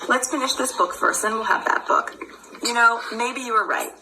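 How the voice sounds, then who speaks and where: A woman's voice: a little high, normal speed. A woman reading a picture book aloud to a toddler in a playful, sing-song way, now and then dropping to a whisper. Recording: noisy archive clip.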